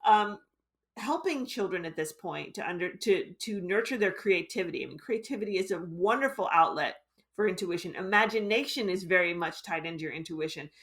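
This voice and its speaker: A woman's voice: fairly low pitch, animated, fairly quick, fairly bright tone. A woman author as interview guest, earnest and explanatory, thinking aloud as she talks. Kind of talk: casual interview chat.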